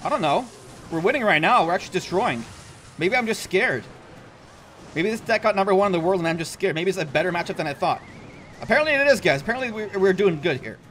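A man's voice: high voice, expressive, fast, fairly bright tone, slight background noise. A young man giving casual, chatty gameplay commentary as a gaming YouTuber, self-mocking and laughing often.

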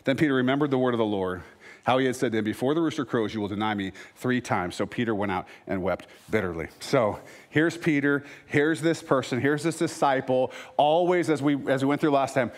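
A man's voice: mid-range voice, fairly quick. A man preaching a sermon as pastor, reading scripture aloud with casual, joking asides between passages.

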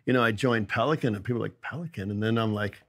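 A man who runs a company, talking as a podcast guest in a lively, storytelling way. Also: lowish voice, racing. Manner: energetic storyteller, acts out quoted dialogue. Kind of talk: casual interview storytelling.

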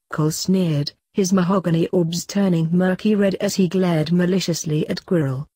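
A woman reading fanfiction aloud in a steady storytelling voice. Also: on the low side, normal speed, hardly any pauses, breathy edge, dry recording. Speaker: fanfiction reader.

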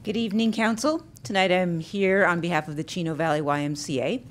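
A woman's voice: on the low side, a little fast, a little hiss or hum. A woman representing a community organization, giving an upbeat announcement at a council meeting. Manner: upbeat, promotional.

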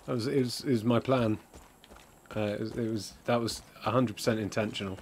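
A man's voice: lowish voice, fairly even intonation, fairly quick, slight background noise. A man streaming live gameplay commentary, jokey and sarcastic, swearing often.

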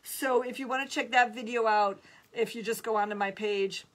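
Craft-stream host: a chatty, upbeat woman, voice pitched a bit high. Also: fairly even intonation, normal speed. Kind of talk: live craft demo, reading viewer comments.

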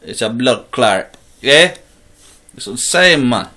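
Bright-voiced swaggering trash-talker. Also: male voice, mid-range voice, animated, a little slow. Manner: boastful, swaggering, swears constantly, bursts into shouting. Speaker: gaming YouTuber. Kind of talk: trash-talking troll rant to camera.

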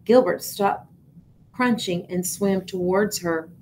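A woman teacher reading a picture book aloud, expressive but now and then stumbling and repeating words. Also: on the low side, takes it slowly, a little hiss or hum, poor audio.

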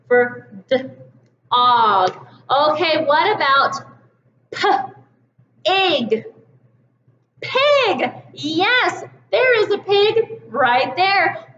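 A woman teaching kindergartners a reading lesson, speaking in a slow, encouraging teacher voice and stretching out the sounds of words. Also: sits high, fairly bright tone. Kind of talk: slow, clear reading lesson for young children. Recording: slightly dull, roomy home recording with faint noise.

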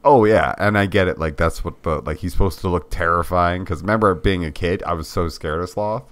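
A man co-hosting a podcast, talking casually in halting bursts full of fillers and self-deprecating jokes. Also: sits low, smooth. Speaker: podcast co-host. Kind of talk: casual chat. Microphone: podcast mic.

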